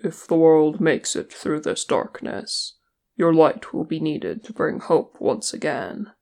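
A wise, fatherly maker god speaks softly and reassuringly, as a reader voices him. The delivery is slow and a little gravelly, as in a storybook. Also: mid-range voice, big pitch swings, heavily acted. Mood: tender.

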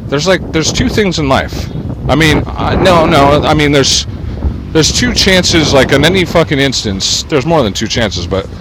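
A man's voice: a little high, lively intonation, a little slow, noisy background. An older man rambling on a city street into a small wire mic, profane and irritable, talking to himself and the camera. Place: outdoors on a city street with traffic. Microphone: small wire mic worn on body. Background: passing cars and motorcycles.

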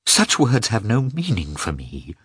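A man's voice: on the low side, huge pitch swings, measured pace, a bit bright, breathy edge, dry recording, clean studio sound, voice pushed up, exaggerated voice. A man reading the part of an anguished young noblewoman who speaks in a trembling voice, in an audiobook.

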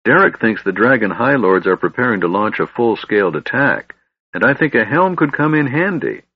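A man's voice: mid-range voice, very animated, normal speed, breathy edge, no room sound. A man voicing a cheerful, curious small male kender with a light, guileless, chatty voice. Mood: chirpy. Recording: slightly dull, dry recording.

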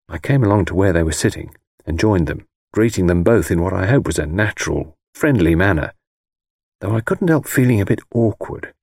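A man reading a first-person novel aloud in a measured, wry, conversational manner. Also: lowish voice, darkish tone, no room sound, studio quality. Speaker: audiobook narrator.

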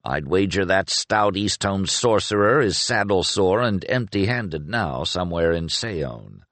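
A man's voice: low-pitched, animated, a little slow, fairly bright tone, no echo. A man voicing a grim, curt investigator. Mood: terse. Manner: curt, clipped speech through gritted teeth. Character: stern grim male investigator, terse and impatient. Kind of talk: audiobook character reading.

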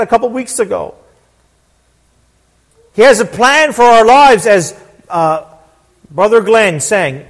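A man's voice: high-pitched, takes it slowly, long pauses. Emphatic man preaching a sermon. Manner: emphatic preaching, repeating words, swelling to loud declarations. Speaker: pastor.

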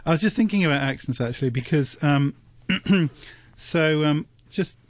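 A man presenting on radio, chatting casually in a studio, thoughtful and hesitant with many pauses. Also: a little high, no room sound. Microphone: studio microphone.

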